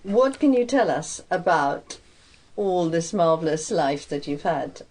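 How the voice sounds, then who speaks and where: A woman radio presenter reading an introduction and asking questions in a measured way. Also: lowish voice, expressive, a little mellow. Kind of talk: radio interview. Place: radio studio.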